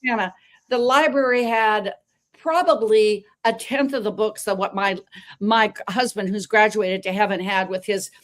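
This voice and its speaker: A woman's voice: medium pitch, moderate pace. An older woman telling her story as a guest in a casual conversation, emphatic and dramatic, with many restarts. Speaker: guest, health practitioner.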